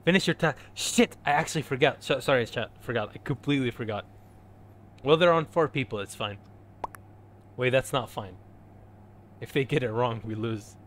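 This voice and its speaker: A young man streams a game and chats loosely with his viewers, often stumbling and laughing at himself. His voice sits at an ordinary middle pitch. A clear hiss of background noise runs under his home mic. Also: normal speed, pauses often. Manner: rambling, self-deprecating, talks to chat. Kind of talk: casual game stream chat.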